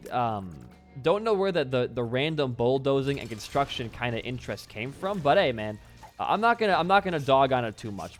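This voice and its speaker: A young man giving casual gameplay commentary, rambling and self-deprecating, swearing often. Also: medium pitch. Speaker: gaming YouTuber. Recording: faint background music.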